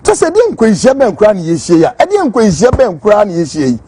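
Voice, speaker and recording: A man's voice: high-pitched, wildly swooping pitch, fast, warm tone, a little hiss or hum. A Ghanaian man hosting a political commentary show, fiery and emphatic as he rants, switching between Twi and English. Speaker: host.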